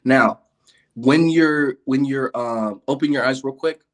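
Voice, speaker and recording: A man's voice: mid-range voice, measured pace. A man who is an interview guest, chatting casually and telling stories with lots of laughter. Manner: animated storyteller, laughs often. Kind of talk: casual chat.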